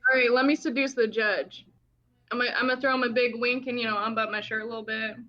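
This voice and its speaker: A woman's voice: fairly high pitch, steady tone, dull audio. A woman playing in a tabletop game, playful and giggly in casual chat. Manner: giggly, playful, quick bursts. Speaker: player.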